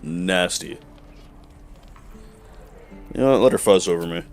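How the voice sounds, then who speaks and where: Young man streamer, low voice, crude joking commentary, game music behind. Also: a little slow. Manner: joking, crude, talks back to characters. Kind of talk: casual gameplay commentary.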